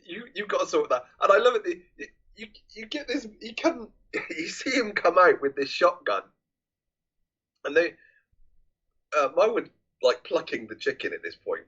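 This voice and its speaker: A man co-hosting a film podcast, retelling scenes in a lively way and acting out the lines with frequent laughs. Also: sits high, moderate pace, breathy edge. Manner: animated retelling, acts out scenes, laughs often. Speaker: podcast co-host. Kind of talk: casual film chat. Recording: dull lo-fi mic recording.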